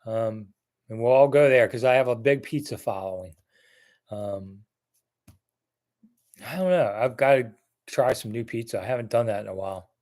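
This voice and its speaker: A man's voice: mid-range voice, normal speed, pauses often, darkish tone. A man from Washington, D.C., hosting a casual live-stream chat, rambling as he answers viewer comments one by one. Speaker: host.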